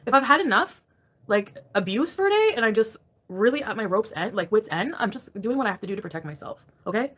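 A woman livestreaming from home, venting in an angry, crabby, profane rant that jumps between grumbling and sharp loud outbursts. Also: fairly high pitch, animated, fast talker, slightly rough. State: crabby and irritated. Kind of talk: ranting live stream chat.

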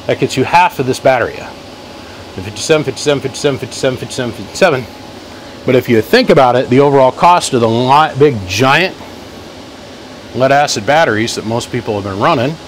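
A man talking loudly in his workshop, running a live-stream battery test, calling out "one, two" mic checks and greeting viewers by name. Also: medium pitch, expressive, brisk, a little hiss or hum, low-quality recording. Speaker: host testing a car-audio battery. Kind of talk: casual live-stream demo. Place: workshop garage. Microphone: phone mic for live feed plus chest mic.

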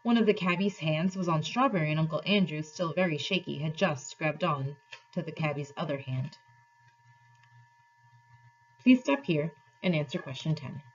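A woman teacher reading a novel aloud to her class in an expressive, measured way. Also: low-pitched, husky, lo-fi sound.

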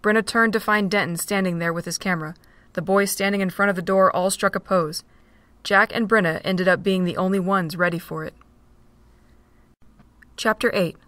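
A woman narrating a fan-made audio drama in a steady storytelling manner. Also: mid-range voice, moderate pace, pauses often, dry recording.

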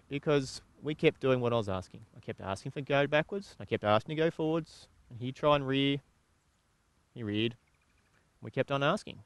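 A man's voice: mid-range voice, no echo. Aussie guy explaining horse training, easygoing chatty talk, dry close sound. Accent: Australian. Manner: relaxed, conversational explaining, pauses and restarts. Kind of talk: instructional video talk.

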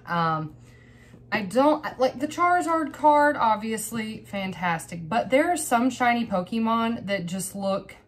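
A woman hosting her own channel, opening trading cards in a bubbly, excitable, rambling way. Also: a little high, unhurried. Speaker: host of a card-opening channel. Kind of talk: casual card-opening vlog.

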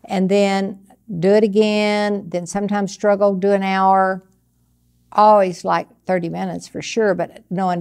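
An older woman giving a conversational sermon, teaching earnestly from personal experience in a steady, plain way. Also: medium pitch, measured pace, clear, resonant tone. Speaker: Bible teacher.

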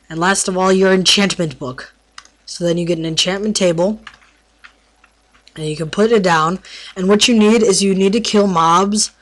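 Game tutorial narrator, casual play-by-play, trips over words, teases mobs, mid-pitched voice. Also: fairly bright tone. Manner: stumbles over words while explaining; playful trash talk at mobs. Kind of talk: casual gameplay commentary.

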